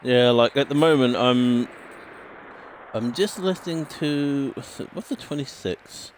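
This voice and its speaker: A British man streams a game and chats casually, rambling along, swearing now and then and imitating sound clips. His voice is medium-pitched and unhurried, with a little hiss or hum in the recording.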